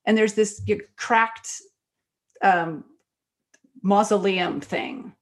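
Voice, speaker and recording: Animated woman telling stories. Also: mid-range voice. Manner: animated, quick storyteller with frequent fillers. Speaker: guest author and screenwriter. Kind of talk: conversational interview storytelling.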